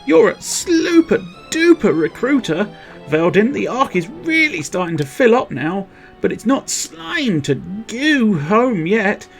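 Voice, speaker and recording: A man doing a squeaky bouncy slime critter. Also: very animated, slow pace, vocal fry, soft background music, heavily acted. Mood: chirpy. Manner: sing-song, punning on goo and slime. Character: bouncy cheerful little slime creature.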